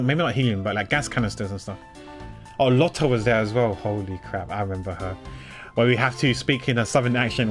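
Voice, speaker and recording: A man streaming a game, chatting casually and thinking out loud with self-mocking asides. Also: mid-range voice.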